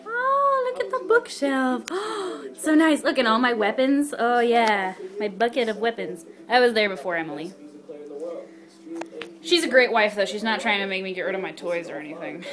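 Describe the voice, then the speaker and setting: A young woman chatting casually to her camera in her apartment, excitable and bubbly, with casual swearing. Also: medium pitch. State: hyper and spazzy. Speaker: vlogger. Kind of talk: casual vlog chat. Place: apartment living room. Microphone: handheld camera.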